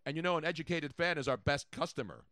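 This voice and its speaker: Animated, high-pitched sports talk host. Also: male voice, fast, no room sound, studio quality. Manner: excitable, repeats points, jumps in pitch and volume.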